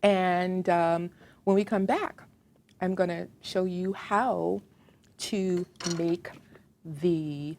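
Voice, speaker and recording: A woman's voice: on the low side, steady tone, drawn-out words, a little mellow. A woman with a Southern American accent hosting a home cooking demonstration, chatting to the viewer as she works in her kitchen. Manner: chatty, talks to the viewer while working. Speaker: cooking show host.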